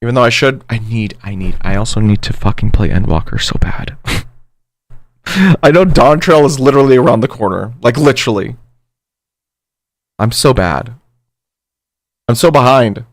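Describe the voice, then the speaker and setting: A man's voice: mid-range voice, very animated, normal speed, pauses often, slight background noise. A man streaming a game, chatting casually, swearing and poking fun at himself while reading aloud. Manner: casual, swearing, self-mocking. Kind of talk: casual gameplay commentary.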